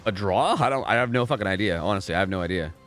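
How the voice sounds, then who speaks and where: A man's voice: deep voice, expressive, very fast, a bit bright, soft background music. A young man casually commentating a game live on stream, rambling, repeating himself and swearing freely.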